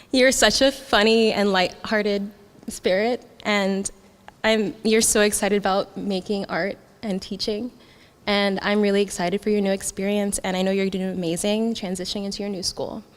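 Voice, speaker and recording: A young woman, the graduating student speaker, gives a heartfelt speech in a graduation ceremony hall with long reverb. Her mid-range voice is flat and unhurried, yet she laughs often and gets emotional thanking her classmates.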